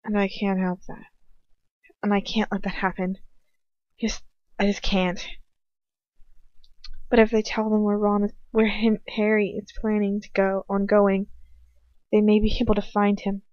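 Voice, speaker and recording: A woman's voice: medium pitch, little pitch movement, a little slow, pauses often, a little mellow, dry recording. A woman reading fan fiction aloud in first person, in an earnest way with occasional slips and restarts. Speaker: audiobook reader. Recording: dull lo-fi home recording.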